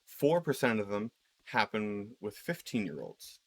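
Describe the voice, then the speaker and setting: Guy with a lowish voice ranting into his mic while gaming, rambly, says um and like a lot, swears. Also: big pitch swings, a little slow, fairly bright tone. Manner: rambling with fillers and profanity. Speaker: video creator. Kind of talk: casual rant while gaming.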